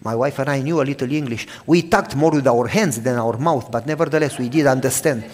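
A man's voice: medium pitch, fairly quick, big-room sound. Romanian-accented man preaching in a church. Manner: dramatic, swings from loud outbursts to quiet hushed telling. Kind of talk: sermon with personal testimony.

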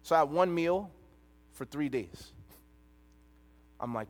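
A man preaching a sermon, telling a personal story with animated delivery and quoted dialogue. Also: a little high, takes it slowly. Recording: long reverb of a large hall.

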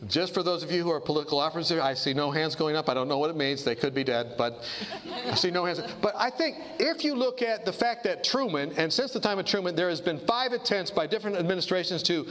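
A man preaches to a congregation with a lively, swooping delivery, his voice pitched a little high. He works the crowd with questions and calls for amens. A faint hiss sits under the recording. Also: fast. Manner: animated, rhetorical call-and-response with the audience. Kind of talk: sermon. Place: church hall before a congregation.

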